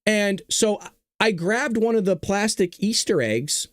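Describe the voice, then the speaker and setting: Talk show host, man in his 30s; high pitch, very animated delivery, jokey storyteller. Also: a little slow, dry recording, clean studio sound. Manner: animated joking storyteller, laughs often. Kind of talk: casual livestream talk and storytelling.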